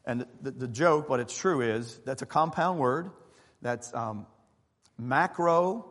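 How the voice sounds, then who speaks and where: Pastor, male, mid-pitched voice, easygoing conversational sermon, long hall echo. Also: moderate pace, a bit bright. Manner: conversational preaching with fillers and asides to the congregation. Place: church sanctuary.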